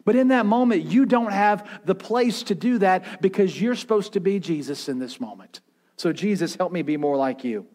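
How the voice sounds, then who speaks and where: A man pastor preaching a sermon, swinging from intense raised passages to hushed quiet ones and acting out voices as he retells. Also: fairly high pitch. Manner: preaching with rising intensity and dramatic quiet drops; acts out quoted voices in his retelling.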